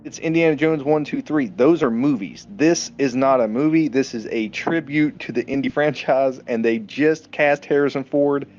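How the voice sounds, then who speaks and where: A man's voice: medium pitch, normal speed, few pauses, a little mellow, dull audio. A man co-hosting a casual movie podcast, enthusiastic, swearing freely and acting out scenes. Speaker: podcast co-host. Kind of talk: casual movie review chat.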